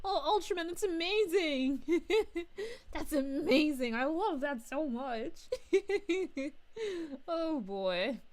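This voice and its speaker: A woman's voice: sits high, expressive, very slow, a little mellow, exaggerated voice. A woman voicing a bubbly, giggly young princess as a VTuber streamer, chatting with viewers in character. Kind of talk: in-character livestream chat.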